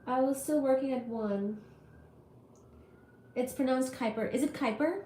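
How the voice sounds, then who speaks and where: A woman's voice: sits high, unhurried, dark tone, slight background noise. A woman hosting a physics livestream, chatting with viewers in an apologetic way while still getting over an illness. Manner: chatty and apologetic, reads viewer comments aloud. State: recovering from illness. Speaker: livestream host teaching physics. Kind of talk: casual livestream chat with viewers. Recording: echoey room with faint ambience.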